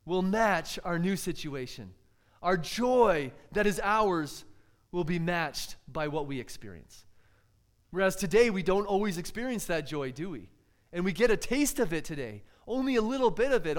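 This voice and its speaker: High-voiced earnest male preacher. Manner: earnest, asks the congregation rhetorical questions. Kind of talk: sermon.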